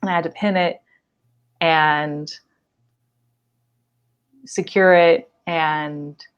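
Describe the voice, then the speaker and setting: A young woman with a notably low voice talks through her fieldwork on a podcast. Her telling is animated and casual, scattered with "like" and quick laughs. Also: smooth, dull audio. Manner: animated storytelling with frequent likes and laughs. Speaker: wildlife biologist guest.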